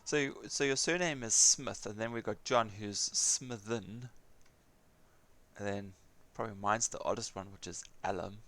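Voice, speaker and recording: A man's voice: lowish voice, unhurried, pushed and bright. A man chatting casually while gaming, a rambling storyteller who chuckles often, with a non-American English accent. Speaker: gaming streamer.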